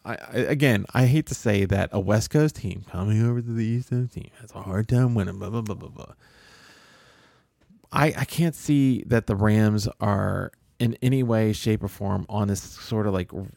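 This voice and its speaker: Losing his voice, this podcast co-host wanders through sports betting picks and plugs for the show in a wry, self-mocking ramble. He has a lowish, slightly mellow voice with vocal fry, a normal pace, and clean studio sound with no echo.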